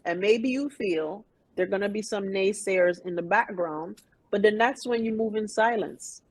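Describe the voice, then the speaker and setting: A woman in her fifties, a guest in a casual interview, telling her story in an emphatic, animated way. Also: mid-range voice, normal speed, low-quality recording. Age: 50s. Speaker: interview guest, private pilot.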